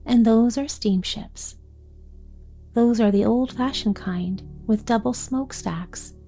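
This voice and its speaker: A woman's voice: a little high, takes it slowly, faint music behind. A woman voicing a shy, businesslike young boy in a bedtime story reading. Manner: quiet, matter-of-fact explaining.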